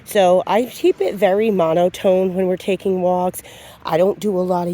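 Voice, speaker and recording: A woman dog trainer gives a calm, low-key lesson on leash handling while walking outside, talking with many fillers. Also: moderate pace. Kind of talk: outdoor training demonstration. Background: passing vehicles.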